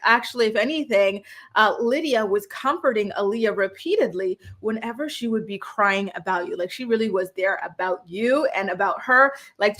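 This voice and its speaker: A woman hosting a reality show recap, talking casually and acting out quoted lines with lively, opinionated reactions. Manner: animated, acts out quotes with rising pitch.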